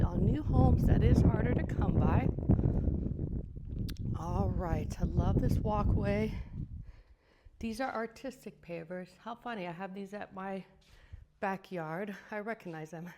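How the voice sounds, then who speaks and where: A woman's voice: medium pitch, in a large hall, very noisy. A woman real estate agent giving a casual walking tour of a house, chatty and enthusiastic as she points out features. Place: outdoors then inside a large house.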